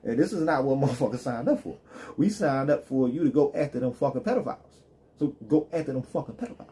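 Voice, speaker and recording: A man's voice: medium pitch, expressive, quick pace, warm tone. A man live streaming, ranting in loose, joking street slang with plenty of swearing. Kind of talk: casual profane rant.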